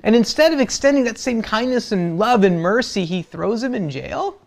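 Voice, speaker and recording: A man's voice: high-pitched, animated, moderate pace, vocal fry. Conversational, joking male pastor. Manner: conversational and humorous, acts out quotes. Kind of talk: sermon.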